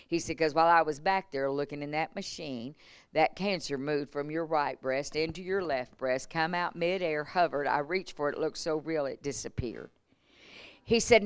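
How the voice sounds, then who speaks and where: Woman preaching a lively testimony. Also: low voice, moderate pace, clean tone, no echo, clean studio sound. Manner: animated testimony with laughs and acted-out quotes. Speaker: revival preacher. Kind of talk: sermon storytelling. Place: church.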